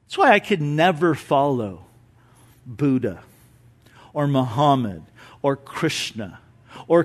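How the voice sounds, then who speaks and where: A man preaching an Easter sermon as pastor, telling stories with humor and swinging between emphatic lines and hushed ones. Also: medium pitch, breathy edge. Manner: storytelling with humor.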